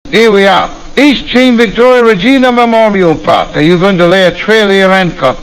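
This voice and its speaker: A man's voice: high-pitched, moderate pace, clean tone, close to an everyday voice, low-quality recording. A man with a Cockney accent voicing a blunt, wry working-class sidekick in an AI-voiced comedy sketch. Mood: mocking.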